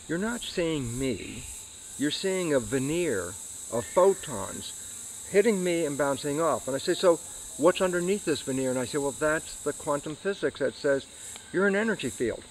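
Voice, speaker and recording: A man's voice: fairly high pitch, slight background noise, rough recording. A man, an interview guest, explaining science and acting out his own questions and answers. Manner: animated, acts out questions and answers to himself.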